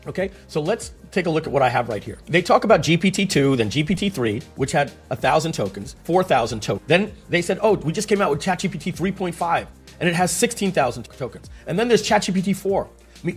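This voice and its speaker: This tech explainer has a slightly high, somewhat rough voice. He walks through a casual screen share in an animated way, spinning stories and posing rhetorical questions as he goes.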